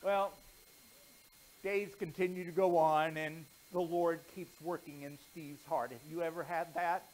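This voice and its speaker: A man pastor telling a children's story with lively storytelling before earnest preaching. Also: a little high, normal speed, poor audio.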